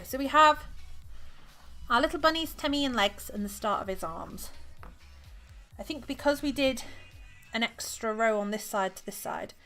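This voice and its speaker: A woman's voice: medium pitch, pushed and bright. A woman hosting a casual crafting livestream from home, chatting and thinking aloud as she works and counting stitches under her breath. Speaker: livestream host.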